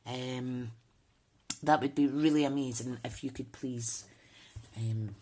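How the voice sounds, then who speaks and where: A woman's voice: rumbling low, fairly even intonation, takes it slowly, dark tone, a little hiss or hum. A woman hosting a casual crafting tutorial, chatting and thinking aloud with frequent ums. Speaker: papercraft channel host.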